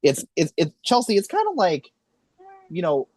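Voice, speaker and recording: A man's voice: high voice, huge pitch swings, normal speed, a little mellow, dry recording. A man hosting a casual political interview, blunt and swearing freely. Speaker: interviewer host.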